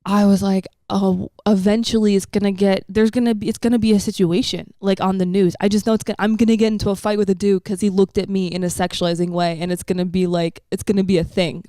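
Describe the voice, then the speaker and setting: A woman hosting a podcast in casual chat. She tells stories in an animated way, full of swearing and slang, on a close studio mic. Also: mid-range voice, quick pace, few pauses, no echo. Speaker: podcast host.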